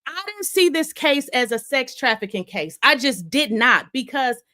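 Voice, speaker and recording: An excitable woman hosts a casual livestream and chats straight to her viewers. She is out of breath and her voice sits a little high. She talks fast and loose. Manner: excitable, chatty, addresses viewers as y'all. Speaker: livestream host. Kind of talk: casual live chat.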